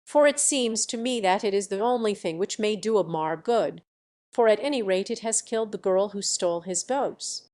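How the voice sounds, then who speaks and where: A woman's voice: medium pitch, animated, moderate pace, darkish tone, natural voice. A woman voicing a weary, determined young village girl in a storybook, speaking earnestly and pleadingly.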